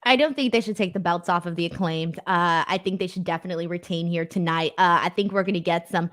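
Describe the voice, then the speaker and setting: A woman hosting a casual podcast chat, playful and quick to laugh as she reads out viewer comments. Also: on the low side, fairly bright tone. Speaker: host.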